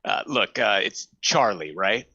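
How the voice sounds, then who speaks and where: A man improvising a world-weary veteran clerk of a wand shop, lecturing a newcomer in a rambling way. The voice is bright and forceful, on dry, dull video-call audio. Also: fairly low pitch, expressive, a little slow, slightly rough, dry recording, voice pushed down, heavily acted. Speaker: improv performer. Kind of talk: improvised comedy scene.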